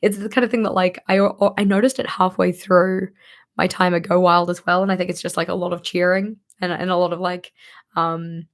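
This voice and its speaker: Hoarse, gravelly-voiced woman vlogger. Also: lowish voice, flat delivery, fairly quick. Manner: chatty, rambling with many fillers. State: tired, hoarse voice. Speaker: planner vlogger. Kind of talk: casual show-and-tell chat.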